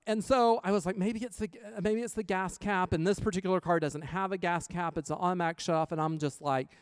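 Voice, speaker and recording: A man's voice: sits high, fairly even intonation, fairly quick, smooth, dry recording, studio quality. A man with a casual, chatty manner, telling a personal story full of quoted back-and-forth dialogue and reflecting on faith.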